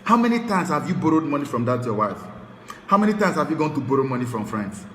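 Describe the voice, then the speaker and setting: Fiery high-pitched Nigerian preacher in a hall. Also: male voice, very animated, fast, slight background noise. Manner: fiery, swings between shouting and hushed tones. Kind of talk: sermon. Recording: echoey hall with long reverb.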